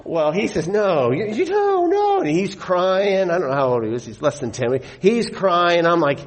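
A middle-aged man preaching a sermon, telling stories with animated delivery and slowing down to stress his points. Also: fairly high pitch, a little hiss or hum. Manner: animated storyteller, slows for emphasis. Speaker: pastor.

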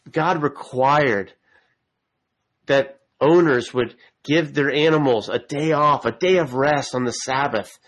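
A man's voice: medium pitch, rough recording. A man preaching a sermon in an earnest manner, building to emphatic exhortation. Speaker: pastor.

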